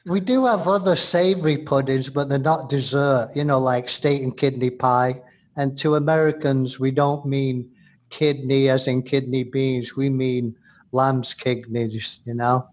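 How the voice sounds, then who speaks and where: A man's voice: medium pitch, fairly even intonation, unhurried. An Englishman co-hosting a show, explaining things in casual chat, often laughing. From England.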